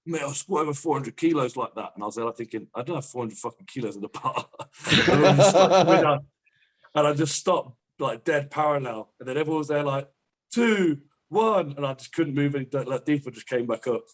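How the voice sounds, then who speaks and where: Fast-talking young man telling stories. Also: mid-range voice. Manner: fast, swearing, laughing anecdotes. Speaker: podcast guest, powerlifter. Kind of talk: casual chat, storytelling.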